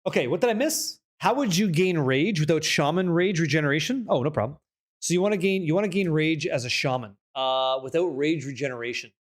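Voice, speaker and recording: A young man streaming a game, chatting casually with viewers, reading patch notes aloud and swearing freely when excited. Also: on the high side, a little fast. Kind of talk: casual live-stream chat.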